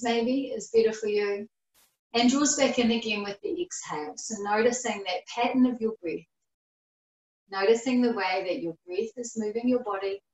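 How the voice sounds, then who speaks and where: A woman leads a guided yoga class with a slightly high voice. Her breathing cues come slowly and calmly, with long pauses between them. She sounds some distance from the mic, in an echoey room. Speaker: yoga teacher. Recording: roomy echo, voice far from the mic.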